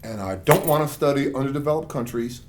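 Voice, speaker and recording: A man's voice: medium pitch, fast talker, noisy background. A middle-aged man from the United States, an author telling his story as an interview guest with passion and acted-out dialogue. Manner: passionate, animated storyteller who acts out quoted dialogue. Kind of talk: conversational storytelling.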